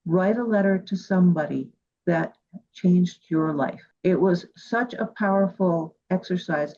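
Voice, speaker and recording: A woman's voice: on the low side, measured pace, dark tone, a little hiss or hum. A woman from Cuba hosting a radio interview, telling heartfelt stories in a casual, earnest way. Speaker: radio show host. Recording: dull lo-fi recording.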